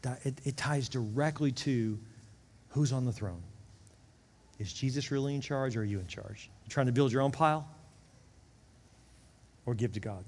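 Impassioned pastor in a big echoing hall. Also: male voice, mid-range voice, moderate pace, vocal fry. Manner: impassioned, rises to emphatic peaks then drops to hushed prayer. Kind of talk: sermon with altar call. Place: large church sanctuary. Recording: long reverb of a big hall, faint ambience.

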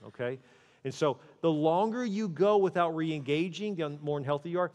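A male pastor giving a conversational sermon on marriage. Now and then he goes quiet and soft to act out what a spouse might say. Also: a little high, animated, fairly quick, long reverb tail.

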